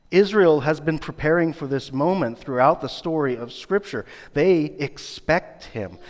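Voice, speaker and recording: A man preaching a sermon as pastor, earnest and building his points through rhetorical repetition. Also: fairly high pitch. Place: church sanctuary. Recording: long reverb of a church hall.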